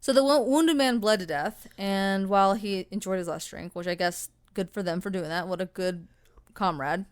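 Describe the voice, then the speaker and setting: A woman's voice: medium pitch, moderate pace, clear, resonant tone. Casual woman co-host: rambling, swears freely, breaks off into tangents mid-story. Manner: mock voices and tangents while telling ghost stories. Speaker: podcast co-host. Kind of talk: casual chat.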